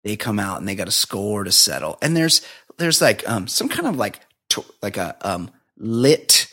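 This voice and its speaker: A man's voice: on the low side, big pitch swings, moderate pace, fairly bright tone, husky. Profane, laughing man riffing on a movie. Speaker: podcast co-host. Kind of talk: casual movie-review chat.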